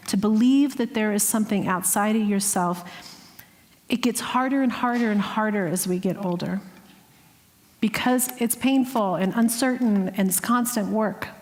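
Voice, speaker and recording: A woman giving a heartfelt, earnest sermon as guest speaker, sometimes dropping to a hushed voice. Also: fairly high pitch. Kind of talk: sermon with personal story. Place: spiritual center sanctuary. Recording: long hall reverb.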